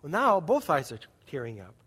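A man preaches from the pulpit with a fairly high voice, turning his sermon into a relaxed story and checking in with the congregation as he goes. His words ring out with a long reverb through a large church sanctuary. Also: moderate pace, husky. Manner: conversational storytelling with audience asides. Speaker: pastor.

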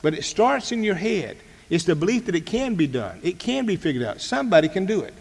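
A man's voice: sits high, very animated, a little fast, vocal fry, breathy edge, in a large hall. A man giving a motivational talk on leadership, emphatic and full of stories and repeated phrases. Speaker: speaker on leadership.

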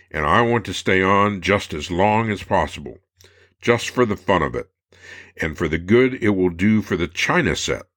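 A man with a very low, deep voice reads old personal letters aloud as a narrator. His delivery is measured and unhurried, like someone taking his time over each line of a letter. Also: a bit bright.

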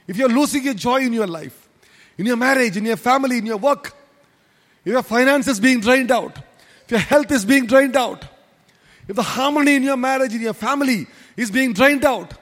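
A man's voice: very high voice, fairly bright tone, long reverb tail. A man preaching a sermon as pastor, emphatic and repetitive, with many rhetorical questions. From India.

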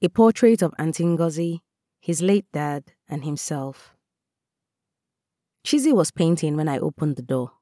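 Slow, low-voiced woman storyteller. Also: lively intonation, mellow, no echo, clean studio sound. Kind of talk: scripted first-person narration.

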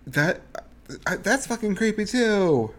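Brief: excitable, foul-mouthed male co-host with a very lively, swinging pitch and a little background noise. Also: slow pace. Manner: excitable, swears a lot, laughs often. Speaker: podcast co-host. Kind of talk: casual chat.

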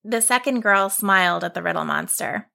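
A woman narrating a children's story in a gentle, unhurried way. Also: medium pitch, creaky.

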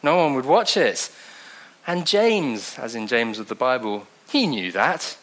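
A man preaching a sermon in a conversational way, with wry asides and slow scripture reading. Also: mid-range voice, big pitch swings, fairly bright tone.

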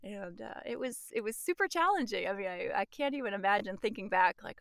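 A middle-aged American woman, a voice actress, tells her story in an interview, animated and laughing often between restarts. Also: mid-range voice, brisk, creaky, no room sound. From United States. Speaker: voice actress guest.

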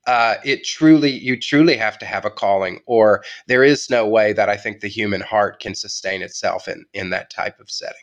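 A man as an interview guest, telling a story in a reflective, measured way with halting restarts. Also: lowish voice. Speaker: guest writer.

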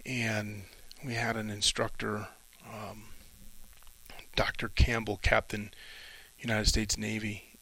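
A middle-aged retired Navy officer delivers a reflective solo monologue in short, halting, thoughtful phrases. His voice is fairly low and creaky, pushed and bright, and the recording is rough.

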